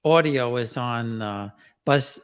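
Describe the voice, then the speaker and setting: A man as a podcast guest in casual chat, relaxed and easygoing, with many pauses and fillers. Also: mid-range voice, smooth, long reverb tail.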